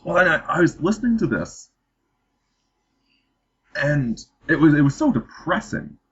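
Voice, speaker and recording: A man's voice: a little high, sing-song, unhurried, a bit bright. A man hosting a casual political chat, rambling and restarting his sentences with repeated words. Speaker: podcast host. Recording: dull lo-fi podcast audio.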